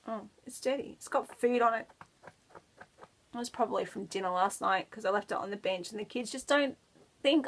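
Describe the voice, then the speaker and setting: A woman's voice: a little high, a little slow, gravelly, pauses often, pushed and bright. An Australian woman chatting casually to camera as a knitting podcaster, rambling and giggling as she goes. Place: child's bedroom at home.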